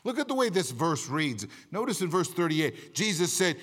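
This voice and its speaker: A man preaching with a high, animated voice that swoops across a wide range. He delivers an impassioned sermon full of rhetorical questions, and the sound rings with the long reverb of a church hall. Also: moderate pace. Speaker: Baptist pastor.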